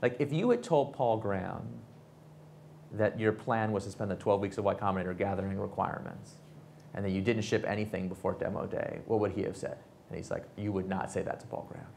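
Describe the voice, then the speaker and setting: A man in his thirties, an author and entrepreneur, telling animated stories at a fireside chat and acting out the people he quotes. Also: lowish voice, a little fast, gravelly, a little hiss or hum. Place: event space with audience.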